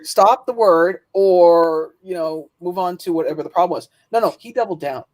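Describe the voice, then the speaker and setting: A woman from Canada co-hosting a livestream, chatty and laughing as she tells stories in casual talk, now and then in quick bursts. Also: fairly low pitch, darkish tone. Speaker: livestream co-host. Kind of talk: casual storytelling chat.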